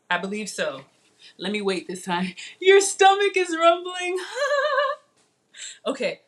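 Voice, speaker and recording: A woman's voice: mid-range voice, fairly bright tone. A woman hosting a live cooking demo, chatting to her viewers while she cooks in a playful, self-teasing way. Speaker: cooking livestream host.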